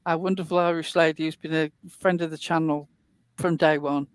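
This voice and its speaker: A woman's voice: low voice, fairly even intonation, fairly quick, smooth, no room sound, clean studio sound. A woman hosting a casual online talk show, chatting at length in a rambling way with plenty of fillers. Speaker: host. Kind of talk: casual podcast chat.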